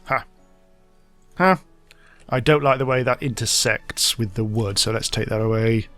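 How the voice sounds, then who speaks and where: A man's voice: mid-range voice, measured pace, a bit bright, no echo, faint music behind. A man hosting a let's play, giving rambling, self-mocking commentary as he thinks aloud. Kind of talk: casual gameplay commentary.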